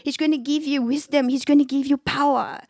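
A woman from Brazil speaks English with a Brazilian accent in a fairly high voice, recounting her own story in an earnest, candid testimony. The sound is close and dry, with almost no room around her. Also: brisk, dry recording. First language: Portuguese. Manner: earnest, candid storytelling with lively acted-out quotes. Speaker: speaker giving a faith testimony. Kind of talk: personal testimony.

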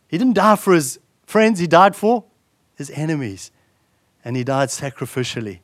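A man preaching a sermon in an earnest style, building to emphatic repeated lines and dropping soft and slow for solemn points. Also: mid-range voice, big pitch swings, no room sound. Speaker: pastor.

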